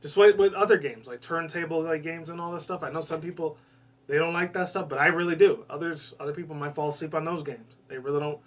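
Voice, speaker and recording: A man giving casual gaming commentary in a rambling way, swearing often and breaking into excited bursts, with a US West Coast accent. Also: on the high side, fast talker, recorded from a distance.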